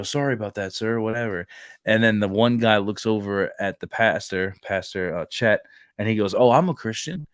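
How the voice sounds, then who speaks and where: Low-voiced man telling stories, dry sound. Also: dry recording. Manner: rambling storyteller, acts out quoted dialogue. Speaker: podcast co-host; Marine reservist. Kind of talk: casual faith chat.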